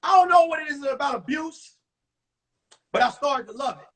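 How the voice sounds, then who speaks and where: A man in his forties, a comedian telling crude, animated stories about his school days on a phone livestream. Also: extremely high pitch, moderate pace. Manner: animated, profane storytelling with acted-out voices. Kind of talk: stand-up storytelling on a livestream.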